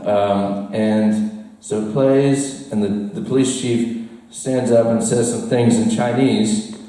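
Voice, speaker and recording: Male storyteller, mellow voice, roomy bar sound, mic at a distance, animated and laughing. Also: on the low side, slow. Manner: animated, laughs through his story, chats with the crowd. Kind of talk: live storytelling to a bar audience. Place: bar with an audience. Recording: roomy echo, mic far off.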